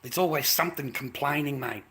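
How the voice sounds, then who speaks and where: A man's voice: medium pitch, brisk, a bit bright. An Australian man ranting to camera in a profane, repetitive way, calling everyone "mate". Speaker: vlogger.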